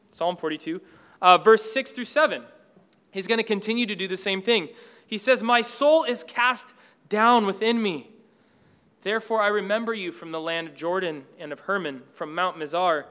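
A man preaching a sermon, earnest, rising loud when he reads scripture and dropping low and soft when he reflects.

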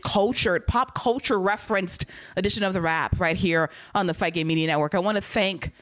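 A woman hosting a casual wrestling recap podcast, talking quickly and bluntly and laughing often. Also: low-pitched, no echo. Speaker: podcast host.

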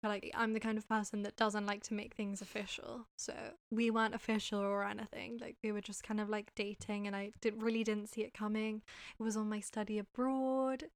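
A woman's voice: medium pitch, little pitch movement, brisk, dry recording. A young woman co-hosting a podcast, talking casually with many filler words. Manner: chatty, heavy on filler "like". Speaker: podcast co-host. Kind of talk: casual chat.

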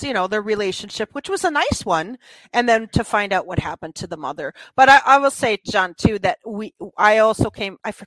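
A woman's voice: mid-range voice, fairly bright tone, no room sound. A woman co-hosting a podcast, chatty and teasing, laughing often as she talks about a movie. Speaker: podcast co-host. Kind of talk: casual movie discussion.

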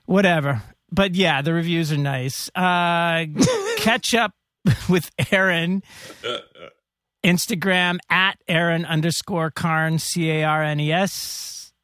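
Man, podcast co-host, giggly and self-mocking, fairly high voice, dry close sound. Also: lively intonation, takes it slowly, pushed and bright, no echo. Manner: giggly, fumbling joke teller. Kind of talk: casual chat.

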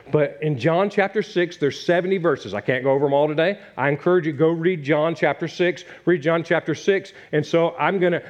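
A middle-aged man from Virginia gives a folksy, conversational sermon, repeating his phrases and chatting with his congregation. His voice sits somewhat high for a man. The recording sounds a little dull and lo-fi. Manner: repetitive, conversational preaching with asides to the congregation. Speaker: pastor.

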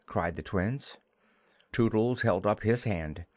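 A man narrating a classic children's novel as an audiobook, in an expressive storytelling manner. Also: on the low side, takes it slowly, no room sound, studio quality.

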